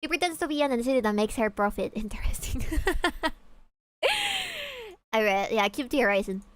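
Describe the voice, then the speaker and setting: A woman's voice: a little high, moderate pace, a little hiss or hum. A young woman from Peru, streaming a game and joking and teasing with her chat, swearing casually. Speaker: VTuber streamer.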